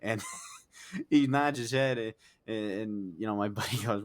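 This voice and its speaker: A man's voice: mid-range voice, animated, a little slow. A man telling long, rambling jokes in character during a roleplay, full of fillers and restarts, swearing casually.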